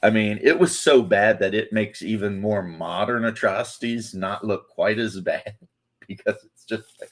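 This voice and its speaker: A man's voice: on the low side, a little slow. A man hosting a casual podcast chat, rambling and laughing as he talks. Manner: rambling, laughs often, loose fillers. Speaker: podcast host.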